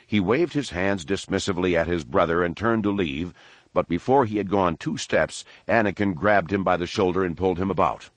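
A man reading a novel as narrator, in steady, even storytelling. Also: sits low, brisk, no echo. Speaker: audiobook narrator. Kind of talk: scripted narration.

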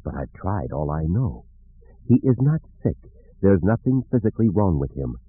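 A man voicing a thin, husky alien healer woman. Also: low-pitched, sing-song, moderate pace, full character voice. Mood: grave. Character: female Calamarian Jedi trainee, grave, hesitant healer. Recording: narrow phone-like audiobook recording.

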